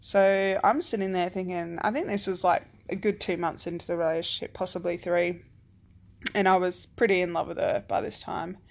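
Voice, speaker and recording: A woman in her thirties or forties, a single parent, tells a personal story in a loose, rambling way, peppering it with "like" and "um" and swearing freely. Her voice is fairly low and gravelly, with fairly even intonation and a moderate pace.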